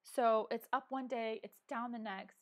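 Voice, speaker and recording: A middle-aged woman talks into a clip-on microphone at home, hosting a casual live coffee chat. Her voice sits a little high. She speaks earnestly, stops and restarts her sentences, and fills the gaps with ums. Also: fairly even intonation, measured pace. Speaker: vlog host. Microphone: wearing a microphone.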